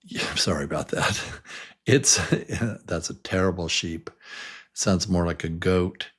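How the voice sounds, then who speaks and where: A man teaching a beginner pronunciation lesson, saying single sounds and words slowly and repeating them many times. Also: low voice, a bit bright, slightly rough. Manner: slow, drawn-out modelling of vowel sounds. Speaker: English teacher.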